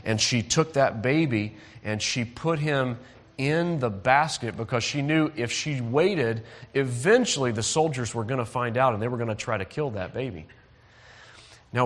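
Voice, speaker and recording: A man telling a Bible story to children in a church hall, lively, asking the audience to call out and join in. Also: medium pitch, a little slow. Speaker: children's preacher.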